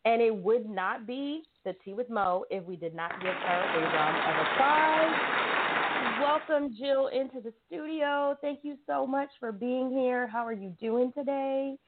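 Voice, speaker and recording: A woman's voice: a little high, normal speed, hardly any pauses, a little hiss or hum. Chatty Southern woman hosting on a tinny line. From South Carolina, US. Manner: chatty, teasing, addresses listeners as y'all. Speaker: show host. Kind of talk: casual talk show chat.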